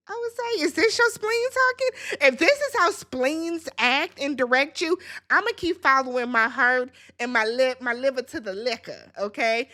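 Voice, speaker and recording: Sassy woman in her thirties, high and very lively voice, casual recap of a reality show. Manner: animated, sassy, quotes people in exaggerated voices.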